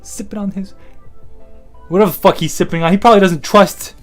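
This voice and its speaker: A man's voice: high voice, brisk, faint music behind. A man hosting a comedy podcast, riffing in a rambling, profane, swaggering way. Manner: profane, animated, swaggering storytelling. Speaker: podcast host.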